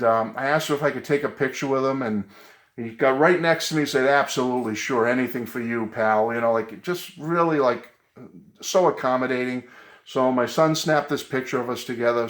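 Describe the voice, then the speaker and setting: A man's voice: medium pitch, steady tone, moderate pace, roomy sound. A middle-aged man talking casually and earnestly to his viewers from his music room at home. He rambles a little, with frequent ums and uhs. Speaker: vlogger. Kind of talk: casual tribute vlog.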